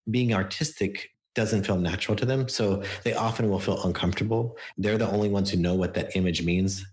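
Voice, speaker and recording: A man's voice: sits low, darkish tone. A man on a podcast interview, explaining his coaching process through stories and acted-out quotes from clients. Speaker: book coach guest.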